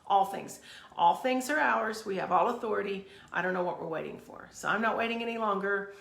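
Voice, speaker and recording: A woman's voice: medium pitch, brisk, gravelly, a bit bright. Woman podcast host on a fired-up faith rant, keeps repeating herself, roomy echo. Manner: fired up, emphatic, repeats phrases. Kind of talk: fervent motivational rant. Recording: echoey room.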